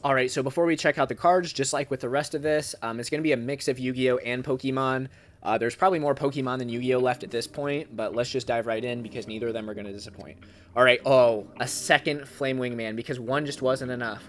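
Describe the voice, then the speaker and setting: An excitable man talks casually to his viewers in a mid-range voice, rambling with fillers and then shouting with excitement. Music plays clearly under his voice throughout. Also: medium pitch, quick pace. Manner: excitable, bursts into loud shouting at good pulls. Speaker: card collecting YouTuber. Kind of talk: casual unboxing vlog.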